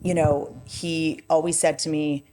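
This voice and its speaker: Low-voiced woman chatting frankly. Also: measured pace. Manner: animated, rambling, frank, swears casually. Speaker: podcast guest. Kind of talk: casual conversational chat.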